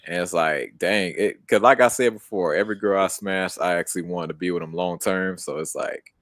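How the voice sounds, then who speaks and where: A man's voice: deep voice, fairly quick, fairly bright tone, dry recording, clean studio sound. A young American man co-hosting a casual streamed chat, laid-back and slangy, laughing often. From United States. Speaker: co-host.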